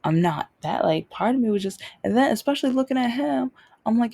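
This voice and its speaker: A woman's voice: a little high, lively intonation, a little fast, creaky, warm tone. A young adult woman hosting her own show, telling a personal story off the cuff and repeating phrases for emphasis. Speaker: podcast host.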